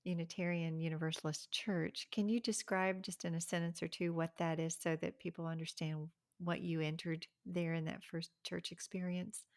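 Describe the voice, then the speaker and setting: Woman host asking gentle questions. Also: on the low side, level tone, moderate pace, few pauses. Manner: brief affirming replies, gentle questions. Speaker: interview host. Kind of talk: interview.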